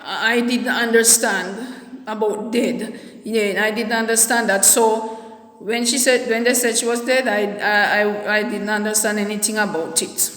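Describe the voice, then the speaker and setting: A woman telling a personal story in a halting, soft-spoken way, often repeating her words. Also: mid-range voice, steady tone. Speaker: vlogger. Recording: echoey room with long reverb.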